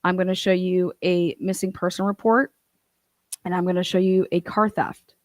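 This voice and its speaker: A woman's voice: on the low side, level tone, dry recording. Profane, combative woman ranting up close. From Ohio. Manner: fast, profane and combative, acts out other voices. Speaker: commentary channel host.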